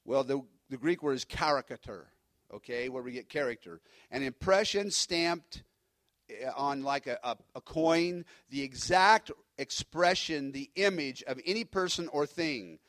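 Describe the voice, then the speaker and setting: A man who is a pastor, preaching a sermon in an emphatic, animated way with frequent restarts. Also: mid-range voice, measured pace, no room sound.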